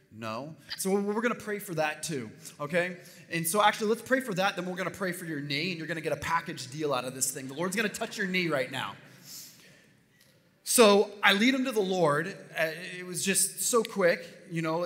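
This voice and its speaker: Male pastor, fairly high voice, storytelling sermon that swells with fervor, reverberant church hall. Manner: animated, building to near-shouts.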